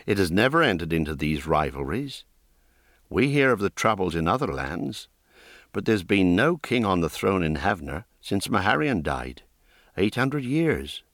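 A man voicing an earnest young male prince who speaks in a formal, measured way. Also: low-pitched, big pitch swings, fairly bright tone, no room sound, studio quality, heavily acted. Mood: thoughtful.

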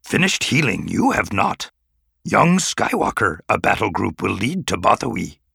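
An ancient little Jedi master, stern and commanding, with a gravelly, husky voice that twists every sentence backwards, as a man reading an audiobook puts him on. Dry and close. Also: on the low side, sing-song, normal speed, pushed and bright, no echo, full character voice. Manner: commanding, firm, backwards word order. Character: ancient small green Jedi master, stern, inverted speech.

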